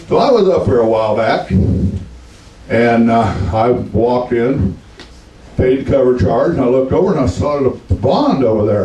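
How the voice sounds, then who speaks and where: In a rough, reverberant recording made far from the mic, a seventy-something comic with a Texan accent spins folksy stand-up stories and imitates his characters. He speaks in a drawl, with a mid-range voice and a dark tone.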